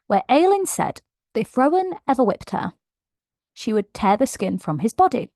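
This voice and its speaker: A book vlogger with a mid-range voice and some vocal fry recaps a plot at a moderate pace in a dry recording. Her casual retelling is emotional, gushing and animated.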